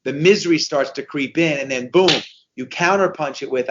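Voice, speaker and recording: A man's voice: fairly high pitch, moderate pace, highs cut off, a little hiss or hum. A man in his fifties, a podcast guest, telling stories with energy and repeating phrases for emphasis. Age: 50s. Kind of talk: conversational podcast interview.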